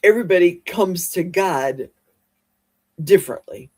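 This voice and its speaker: A woman's voice: lowish voice, animated, a little slow, darkish tone, slightly rough. A woman hosting a casual livestream, chatty and exclamatory as she reads viewer comments aloud. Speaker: livestream host. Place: home livestream.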